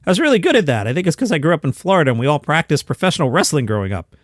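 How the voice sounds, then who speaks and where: Lively man reading comedy headlines. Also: on the high side, very fast, no echo, studio quality. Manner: lively, sarcastic asides. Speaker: comedy news podcast host. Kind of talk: reading headlines and quotes, casual news podcast.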